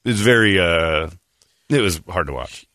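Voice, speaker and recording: A man's voice: sits low, unhurried, noisy background. A man hosting a comedic podcast chat, rambling and sarcastic. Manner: rambling, sarcastic, animated, slips into mock voices.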